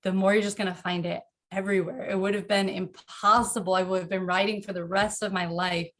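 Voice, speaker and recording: An earnest woman talks about parenting in a relaxed interview from her home. Her voice is mid-pitched and animated. She laughs easily and gets lively when she acts out little scenes. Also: brisk. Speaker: podcast guest, author. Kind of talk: casual interview talk.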